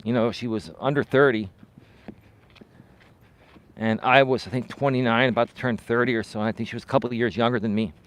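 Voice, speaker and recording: A life coach telling a personal story live while walking outdoors, candid and animated, growing loud and heated. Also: male voice, mid-range voice, fairly quick, long pauses.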